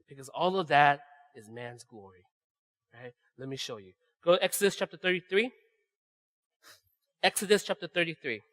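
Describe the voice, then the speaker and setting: A man with a fairly high voice preaches a conversational sermon. He keeps checking in with "right?" and drops to a lower tone when he acts out other voices. His words ring out with a long reverb through a church hall. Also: pushed and bright. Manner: conversational, often asks "right?". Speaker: pastor. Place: church sanctuary.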